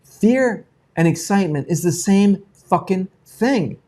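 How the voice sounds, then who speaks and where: Male live-show host, somewhat higher voice, unfiltered and profane, shifting between hushed and excited. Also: a little slow. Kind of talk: unscripted live talk.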